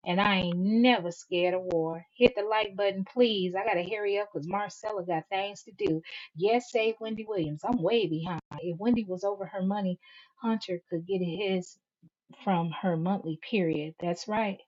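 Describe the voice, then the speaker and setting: A woman's voice: medium pitch, moderate pace, a little mellow. A woman hosting a live stream, reading viewers' comments aloud and answering them in a sassy, emphatic way. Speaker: channel host. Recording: dull lo-fi stream audio.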